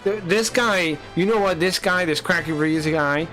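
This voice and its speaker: A man's voice: sits high, normal speed, bright, forceful tone, faint music behind, pitched above the performer's own voice. A man putting on the voice of an angry, boastful male streamer, whiny and sputtering. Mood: indignant.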